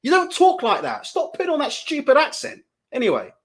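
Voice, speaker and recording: A man's voice: very high-pitched, huge pitch swings, fairly quick, fairly bright tone. A man hosting live boxing commentary, ranting indignantly and profanely, hammering the same questions again and again.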